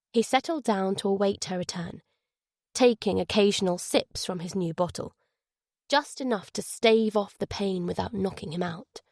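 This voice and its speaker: Woman audiobook narrator, steady measured reading, mid-pitched voice, dry close sound. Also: dry recording. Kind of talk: scripted narration.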